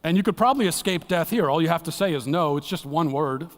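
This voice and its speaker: A man giving an earnest, dramatic sermon as a guest speaker in a church, dropping to a hushed low voice for emphasis. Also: expressive, fast. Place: church sanctuary. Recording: long church hall reverb.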